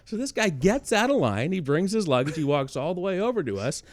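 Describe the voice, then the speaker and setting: A man guest chatting on a show, telling stories in an animated way and acting out the lines he quotes. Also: fairly high pitch, brisk, dry recording. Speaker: guest beat writer. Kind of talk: casual podcast storytelling.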